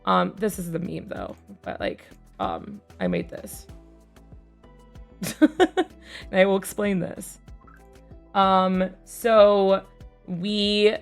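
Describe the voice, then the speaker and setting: A young woman streamer casually telling a tabletop game story, rambling with fillers and casual swearing, growing more animated as it goes. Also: medium pitch, extremely slow, creaky, pauses often, soft background music. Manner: gets louder and more animated as the story builds.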